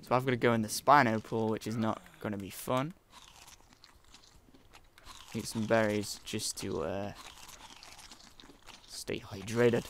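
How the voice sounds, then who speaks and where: A man's voice: on the low side, steady tone, measured pace, pauses often, a bit bright, a little hiss or hum. A young man giving jumpy, jokey let's-play commentary, often swearing as he plays. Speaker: gaming YouTuber.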